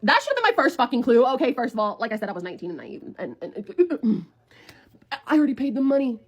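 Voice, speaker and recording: A woman's voice: on the high side, very animated, fast talker, husky. A woman in her twenties telling a storytime to viewers in a casual, blunt way, swearing freely and talking like a friend.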